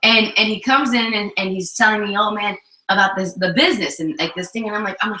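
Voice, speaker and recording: Animated woman co-host in an echoey room. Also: medium pitch, fast. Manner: animated storytelling, acts out quotes. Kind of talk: casual couple chat.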